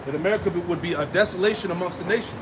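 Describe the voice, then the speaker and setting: Emphatic male street preacher, high pitch, outdoor traffic noise behind him. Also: very fast. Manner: emphatic, asks rhetorical "right?" and "man" often. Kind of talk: street sermon with scripture reading.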